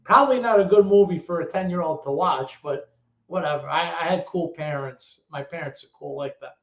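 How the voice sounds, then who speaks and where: A man in his thirties tells a story as an interview guest, in a slightly high voice. He is animated and swears freely, and he slips into other people's voices as he goes. The sound is roomy and echoey, with a dull, lo-fi quality. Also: fairly quick.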